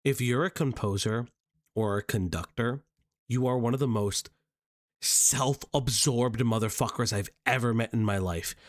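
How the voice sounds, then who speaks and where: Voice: mid-range voice, unhurried. A streamer giving live reaction commentary, ranting with heavy profanity and exasperation.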